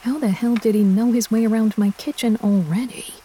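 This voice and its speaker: A woman's voice: on the high side, steady tone, brisk, warm tone, husky. A woman reading a first-person story aloud with a wry, dry touch. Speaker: audiobook narrator. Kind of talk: scripted first-person narration.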